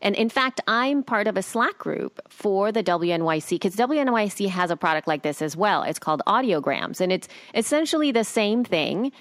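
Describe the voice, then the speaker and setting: A woman's voice: mid-range voice, animated, normal speed, few pauses, dry recording, studio quality. A woman co-hosting a podcast, reading listener mail and chatting with hesitant restarts. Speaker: podcast co-host. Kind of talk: casual chat.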